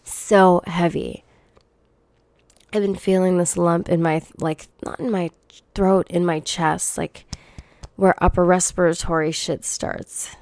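A young woman rants on her solo podcast, blunt and heavy on profanity, her low-pitched voice a little worn from a cold coming on. The sound is dry and close, with no room around it. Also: little pitch movement, unhurried, darkish tone, dry recording. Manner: blunt, profane, exasperated venting. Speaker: podcast host.

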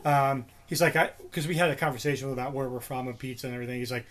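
With background noise behind him, a medium-pitched man races through a rambling, casual story on the podcast he co-hosts. He's in his forties, from New Jersey, and keeps restarting and using fillers.

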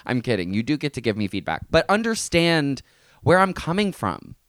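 A man's voice: mid-range voice, sing-song, moderate pace, fairly bright tone, smooth, no echo, clean studio sound. A young man hosting a casual solo podcast, ranting with exasperation and sarcastic asides. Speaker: podcast host. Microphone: close podcast mic.

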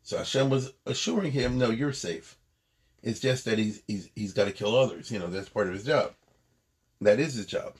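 A male Talmud teacher talks in a loose, conversational way, wandering off on tangents and restarting sentences. His voice sits on the low side. The delivery is an informal lecture. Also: lively intonation, a little fast, slightly rough. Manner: chatty and digressive, with frequent restarts.

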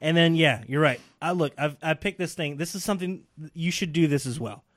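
Podcast co-host, male, rambling and excitable, higher voice, dry close mic. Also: fairly quick, dry recording. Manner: excitable, rambling, with frequent laughs and restarts. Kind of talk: casual chat.

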